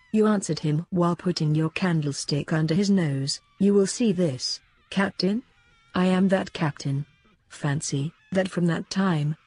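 A woman reading the lines of a grateful old soldier in an earnest, measured way. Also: fairly low pitch, a little mellow, slightly rough, no echo.

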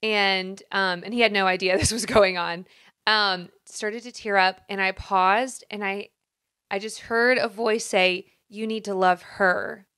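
A woman's voice: mid-range voice, fairly even intonation, measured pace, bright, forceful tone, smooth. A woman in her thirties co-hosting a podcast, telling a personal story openly and with emotion. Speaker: podcast co-host. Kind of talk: casual podcast conversation.

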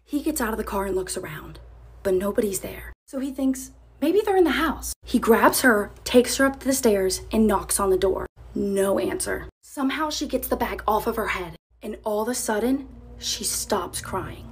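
Breathy woman telling a suspense story. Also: medium pitch, moderate pace. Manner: dramatic, suspenseful narration. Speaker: storyteller pitching movie ideas. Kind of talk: TikTok storytelling.

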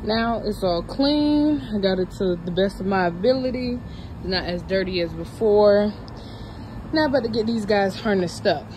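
Young woman, casual vlogger, slangy and chatty, middle pitch, clear background noise on a phone mic. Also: normal speed. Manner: chatty, slangy, addresses viewers as y'all; breaks into high-pitched coaxing talk with her dogs. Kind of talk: casual vlog chat to viewers. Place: home and car, partly outdoors.

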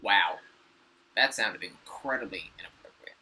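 A man's voice: lowish voice, measured pace, bright, forceful tone. A young man doing casual gameplay commentary at home, sarcastic and exasperated as he banters with a friend. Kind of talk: casual let's play commentary. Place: home room.

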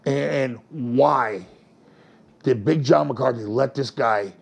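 A man with a raspy voice, speaking bluntly and with irritation as an interview guest. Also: mid-range voice, slow. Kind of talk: interview played as a clip.

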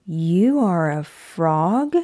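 A woman's voice: fairly low pitch, very animated, drawn-out words, warm tone, voice pushed down, full character voice. A woman voicing a cautious, worried male elephant who keeps asking puzzled questions, in a children's picture book read-aloud.

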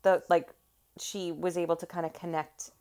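A woman's voice: fairly low pitch, little pitch movement, normal speed, warm tone. A woman co-hosting a casual movie review chat, chatty and opinionated, swearing casually. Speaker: co-host.

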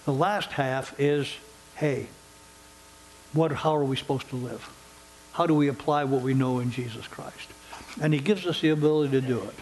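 An older American man, a pastor emeritus, delivers an earnest, conversational sermon in a church sanctuary and closes with a prayer, repeating phrases for emphasis. His voice is medium-pitched and a little mellow. The recording is low quality, with a little hiss or hum.

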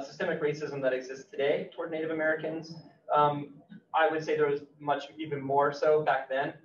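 A man, an author, speaking earnestly at a library talk, halting with fillers. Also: on the high side. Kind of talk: casual conversation at a library talk. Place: library event room. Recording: roomy, distant, muffled hall recording.

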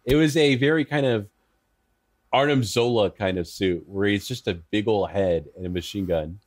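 A man with a fairly low voice, talking as a podcast guest. He chats casually and stumbles over his words as he restarts sentences. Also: normal speed. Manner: chatty, stammering restarts.

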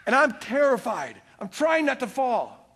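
Middle-aged male pastor, high-pitched, animated sermon delivery with stammering restarts. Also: a little slow, gravelly, slightly rough.

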